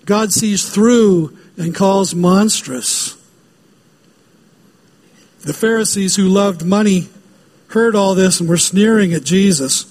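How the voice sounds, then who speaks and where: A man's voice: sits high, a little mellow. A man preaching a sermon as pastor, emphatic and given to repeating key phrases.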